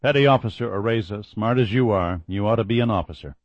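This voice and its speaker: A man's voice: on the low side, quick pace, no echo, lo-fi sound. A man voicing a curt, exhausted civilian. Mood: wry. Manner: gruff, curt.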